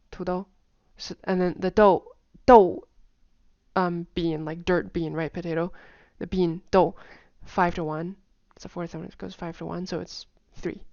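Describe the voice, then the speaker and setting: A woman giving a casual explanatory lesson, demonstrating pitch with sung "da" syllables and quickly repeated words, chatty with frequent "like" fillers. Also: creaky, dry recording, lo-fi sound. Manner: chatty, with many "like" fillers and soft asides. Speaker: language teacher.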